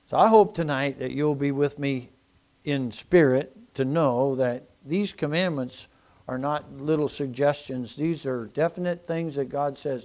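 A man preaching a sermon to his congregation in church, folksy and full of stammering restarts, swinging between loud emphasis and hushed asides. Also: mid-range voice, a little slow. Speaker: pastor.

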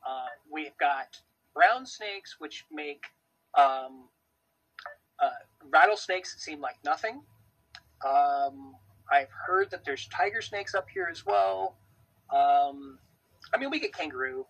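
A man's voice: on the high side, animated, takes it slowly, long pauses, fairly bright tone, low-quality recording. A man from the United States co-hosting a podcast from Australia, rambling enthusiastically with many fillers. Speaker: podcast co-host. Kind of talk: casual chat. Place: home in Australia.

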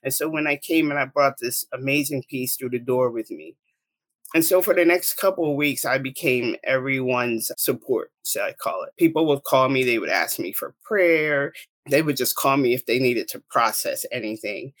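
A woman's voice: very deep voice, moderate pace, no echo. Middle-aged woman guest, heartfelt storyteller, dry close sound. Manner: earnest, emotional storytelling. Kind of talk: telling a personal story.

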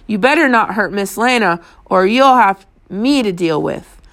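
A woman reading an audiobook, voicing a hot-tempered young girl who snaps and shouts defiantly. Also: medium pitch, lively intonation, measured pace. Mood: defiant, shouting. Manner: loud, snapping and defiant.

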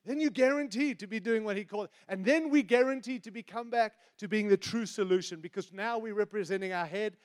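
A middle-aged man preaching a sermon, animated and teasing, moving between loud emphasis and hushed asides. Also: sits high, a little fast, few pauses. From outside the United States.

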